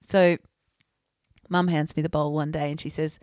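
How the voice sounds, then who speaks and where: A woman's voice: fairly low pitch, measured pace, dry recording, studio quality. A woman, chatting casually and telling funny stories, laughing often and acting out the people she quotes. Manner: animated storyteller, laughs often, acts out quoted voices. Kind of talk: casual chat and storytelling.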